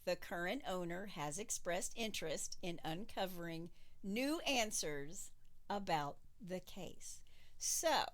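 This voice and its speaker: A woman's voice: lowish voice, lively intonation. A woman co-hosting a podcast, wrapping up a true crime case in casual conversation with wry remarks. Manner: conversational, wry, quick reactions. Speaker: podcast co-host.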